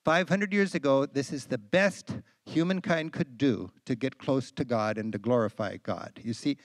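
An American man in his sixties, speaking as a travel writer at a talk event, telling travel stories with animated enthusiasm and frequent fillers. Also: mid-range voice, moderate pace, no room sound, studio quality. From United States. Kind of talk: storytelling talk to an audience. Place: lecture event.

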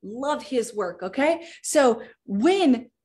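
A woman coaching a group through a motivational talk, lively and chatty. Her voice sits a little high, and she keeps checking in with her listeners as she goes. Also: takes it slowly. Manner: lively and chatty, often checking in with "right?" and "you guys". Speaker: life coach.

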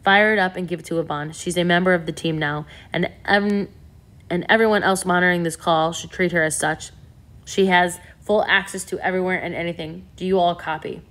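A woman reading a gruff ship captain on the radio. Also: on the low side, steady tone, brisk, a bit bright, natural voice. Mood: authoritative. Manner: formal radio protocol.

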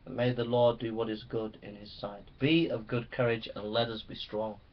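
A man's voice: medium pitch, steady tone, moderate pace. A man preaching a sermon to pastors, reading scripture and urging them on with fervent, rising exhortation. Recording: dull lo-fi recording.

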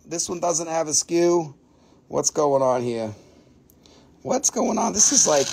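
A man hosting a live crystal sales stream, chatting casually and excitably in non-native English, swearing freely and laughing often. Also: a little high, measured pace, gravelly, husky.

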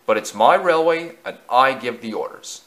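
A man's voice: medium pitch, animated, moderate pace, a bit bright, lightly acted. A man voicing a stout male railway director who speaks in a firm, authoritative way. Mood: stern.

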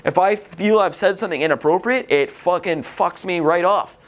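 A man's voice: high voice, normal speed. A man lecturing a recovery group in a casual, rambling way, swearing freely and often. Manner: swears a lot, vulgar, rambling.

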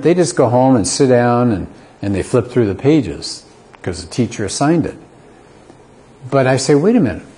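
Middle-aged guy teaching a class, earnest, acts out little back-and-forth dialogues, warm mellow voice. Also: medium pitch. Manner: earnest, asks rhetorical questions, acts out both sides of dialogues. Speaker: community college teacher giving a talk. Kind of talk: lecture to a live audience.

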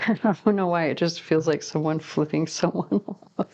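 Lower-pitched chatty woman reading tarot. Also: steady tone, normal speed, a little mellow, highs cut off. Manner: chatty and rambling, laughs often at herself. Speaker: tarot reader. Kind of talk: casual tarot reading to camera.

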